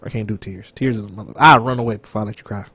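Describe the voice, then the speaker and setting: A man co-hosting a casual podcast chat, loud and animated, profane, sometimes dropping to a whisper. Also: on the low side, racing, breathy edge, dry recording. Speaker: podcast co-host.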